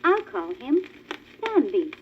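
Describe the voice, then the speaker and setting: A woman voicing a calm mother deer in a storybook record, speaking quietly and tenderly. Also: high-pitched, music in the background, exaggerated voice. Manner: quiet tender measured speech. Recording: dull crackly old vinyl record.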